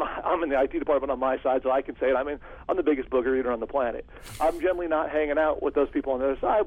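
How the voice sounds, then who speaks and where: A man working as a security consultant, telling stories in an interview in an animated way and acting out phone calls. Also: fairly high pitch, slightly rough. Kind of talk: storytelling interview answer. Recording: phone-like lo-fi audio.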